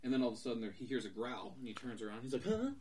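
A man's voice: mid-range voice, very fast, a little hiss or hum. A man hosting a podcast, eagerly retelling a comic book scene by scene and acting parts out. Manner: animated, acts out scenes. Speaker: podcast host.

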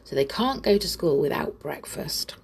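A woman storyteller chatting gently and directly to young listeners in a slow, lilting way. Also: low-pitched, expressive, creaky, husky. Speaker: storyteller reading to children.

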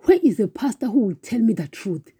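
Husky, dark-voiced woman preaching passionately. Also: fairly high pitch, sing-song, a little fast, no room sound, studio quality. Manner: impassioned, repetitive, keeps calling listeners "guys". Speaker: podcast preacher. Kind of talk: informal devotional talk.

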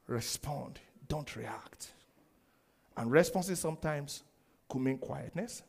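Animated man preaching a sermon. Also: fairly high pitch, slow, creaky, pauses often. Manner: animated, laughing, acting out quotes. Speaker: pastor.

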